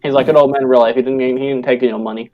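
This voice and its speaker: A man running a tabletop role-playing game as game master, narrating in a halting way that repeats its words. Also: medium pitch, little pitch movement, highs cut off, soft background music.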